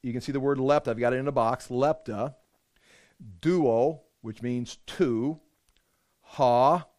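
A man's voice: medium pitch, slow, darkish tone. A man teaching an informal Bible lesson, talking conversationally with many fillers and restarts and reading verses aloud with emphasis.

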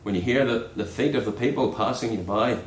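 A man preaching a sermon in an earnest way, dropping low and soft on key words. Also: brisk, roomy sound, slight background noise, poor audio.

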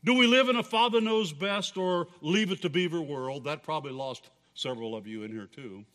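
A man preaching a sermon as pastor, in deliberate, expressive preaching, in a reverberant church hall. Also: on the high side.

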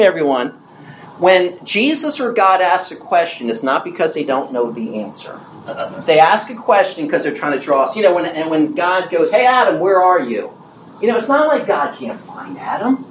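Man in his 60s, preacher, emphatic, quizzes the listeners, slightly high voice, roomy echo. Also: sing-song, a little hiss or hum. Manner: emphatic, repeats key phrases slowly; asks the audience questions and answers them. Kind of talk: sermon.

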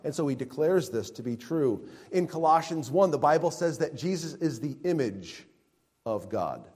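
Male pastor, unhurried emphatic sermon delivery, voice ringing in a reverberant hall. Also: on the high side, animated, a little mellow, breathy edge. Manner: slow, emphatic preaching with rising and falling emphasis.

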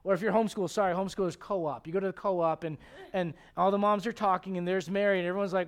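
A middle-aged male pastor preaching a sermon in an animated, joking way. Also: sits high, fast talker, hardly any pauses. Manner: animated, joking, acts out quoted voices.

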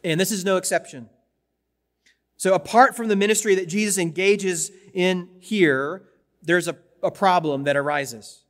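A man preaches with a high-pitched voice, talking like he is chatting with his congregation, repeating words as he goes. A long reverb trails each phrase, like a large sanctuary. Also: measured pace. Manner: conversational, with repetitions and asides to the congregation. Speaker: pastor. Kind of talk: sermon.

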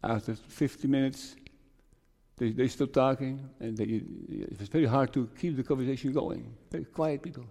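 A man's voice: medium pitch, fairly even intonation, normal speed, gravelly, dark tone. Pastor in his 60s, earnest, keeps repeating himself, big echo tail like a church hall. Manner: earnest, repeats phrases for emphasis. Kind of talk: farewell sermon. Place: church sanctuary. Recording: long church reverb.

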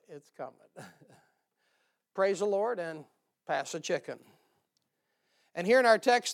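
A man preaching a sermon in a folksy, emphatic way, with joking asides. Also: high voice.

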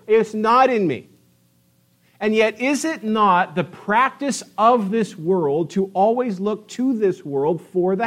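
Animated preaching man. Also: very high-pitched. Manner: animated preaching, rising to emphatic peaks. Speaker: pastor. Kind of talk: sermon.

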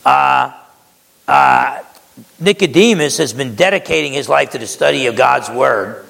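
A man's voice: mid-range voice, unhurried, creaky, fairly bright tone, big-room sound, poor audio. A man preaching a sermon in a conversational way, acting out quotes and often restarting his words.

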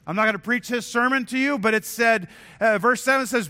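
A pastor preaches in a church. His voice sits high for a man and sounds bright and forceful. He talks earnestly and conversationally, often doubling back on his words. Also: fairly quick. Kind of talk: sermon. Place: church sanctuary.

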